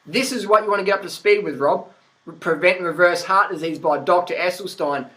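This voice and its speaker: A man with a high-pitched voice and an Australian accent rants straight to camera in a casual vlog. He is blunt and sarcastic, swears freely and laughs often. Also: fairly quick, bright, forceful tone, rough recording. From Adelaide, South Australia. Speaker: vlogger. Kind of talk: profane rant-style commentary.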